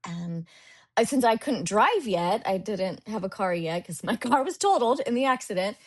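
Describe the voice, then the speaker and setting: A woman's voice: medium pitch, lively intonation, moderate pace. A young woman in her twenties telling a personal story as a guest on a podcast interview, acting out her past thoughts as she goes.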